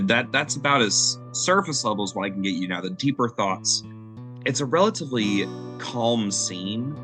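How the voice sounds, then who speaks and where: A man with a low voice runs a tabletop game, setting scenes in a relaxed, offhand way and filling gaps with "uh" and "like". Guitar music plays behind his narration. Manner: loose, casual narration with fillers. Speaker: game master.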